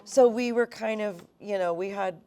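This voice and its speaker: A woman's voice: medium pitch, moderate pace, warm tone. A woman screenwriter telling stories at a live cinema event, enthusiastic and laughing often. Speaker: screenwriter guest. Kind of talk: animated conversational interview.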